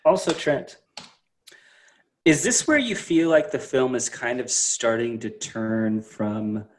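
Man, medium pitch, podcast co-host, easygoing, casual movie chat, laughs a lot. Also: slow pace, a little hiss or hum. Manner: easygoing, laughs often, many fillers.

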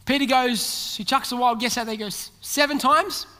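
A man's voice: extremely high pitch, fairly even intonation, fairly quick. A man preaching a sermon as pastor, telling a story and acting out its characters' lines. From Australia. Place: large church hall. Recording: long hall reverb with music behind. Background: soft background music.

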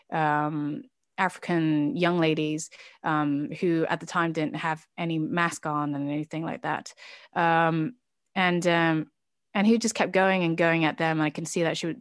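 A woman's voice: low-pitched, no room sound, clean studio sound. A woman interview guest, a business founder, telling personal experiences in a candid, reflective way with many fillers and restarts. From Chinese heritage.

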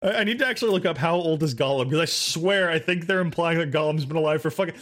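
A man in casual gaming chat, swearing often and laughing through animated rants. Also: a little high, fast talker, hardly any pauses.

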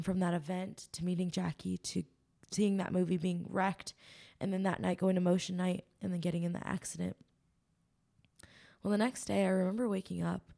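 As a guest on a podcast, a woman with a creaky, mid-range, slightly mellow voice shares an earnest and emotional testimony about her faith. Her telling rambles along, peppered with ums and likes.

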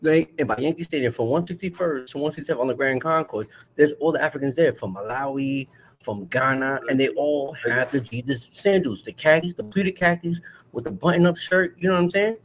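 A man, co-hosting a podcast and telling stories in lively casual banter. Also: on the high side, brisk, slight background noise, rough recording. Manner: animated, storytelling. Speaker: podcast co-host.

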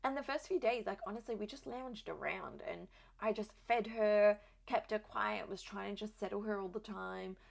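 With a medium-pitched voice touched by vocal fry, a young adult new mom speaks at a normal speed. She shares her personal story casually and openly, full of "like" fillers.

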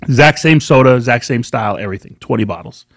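A man chats casually as a podcast co-host, telling animated stories with plenty of swearing. His voice sits at an ordinary pitch for a man. The recording is dry and close. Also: quick pace, dry recording. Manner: profane, animated storyteller. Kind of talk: casual chat.

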